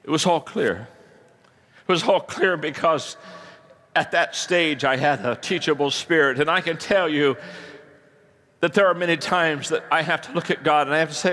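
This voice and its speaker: A man who is a pastor, preaching a sermon and telling stories, swinging from hushed to loud. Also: fairly high pitch, normal speed.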